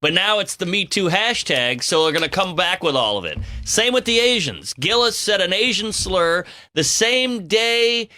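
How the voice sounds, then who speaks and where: A young man co-hosting a radio talk show, chatty and full of quick asides. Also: high voice, very animated, pushed and bright. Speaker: radio co-host.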